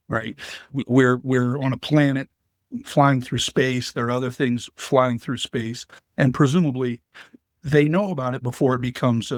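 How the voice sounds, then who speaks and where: A man at an ordinary mid pitch answers interview questions steadily, building his points through vivid everyday analogies. The sound is close and dry, with no room echo. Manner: measured, explanatory, uses vivid analogies. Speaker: guest, business leader and veteran.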